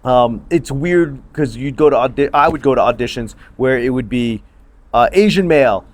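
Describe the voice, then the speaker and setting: A man of medium pitch chats on a podcast livestream from a backyard. He tells his stories in a joking way and laughs easily. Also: animated. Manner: storytelling, quick to joke and laugh. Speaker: podcast co-host. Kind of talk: casual chat. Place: backyard, outdoors. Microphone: phone livestream.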